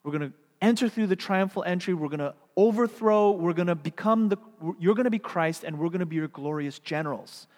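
A man voicing an impetuous male disciple who argues loudly and insistently, firing off rapid questions, in a hall with long reverb. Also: high-pitched, voice pushed up, close to an everyday voice. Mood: eager.

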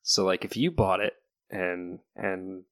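Deep-voiced playful tabletop player. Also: takes it slowly, no echo, clean studio sound. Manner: playful, tells deadpan absurd stories. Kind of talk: tabletop game play.

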